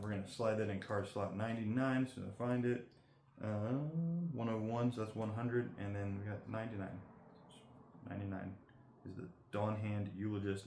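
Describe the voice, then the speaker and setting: A man's voice: lowish voice, darkish tone, a little hiss or hum. A man giving chatty, rambling commentary as he opens trading card packs and reads the card text aloud. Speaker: card collector host. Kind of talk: casual card-opening commentary. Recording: roomy echo.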